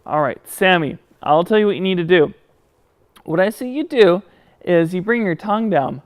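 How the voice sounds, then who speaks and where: A man teaching children how to say their sounds, with a lively voice that rises and falls widely. He talks straight to the boys and girls at home with patient, animated encouragement. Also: sits high, moderate pace. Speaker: children's speech teacher and show host. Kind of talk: children's educational show.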